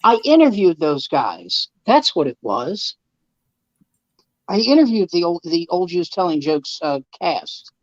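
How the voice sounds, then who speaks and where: A man's voice: high-pitched, big pitch swings, measured pace, dry recording. Comedian man telling a story on a dull, dry recording. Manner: acts out quoted dialogue with repeated restarts. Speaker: comedian guest. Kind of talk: casual anecdote telling.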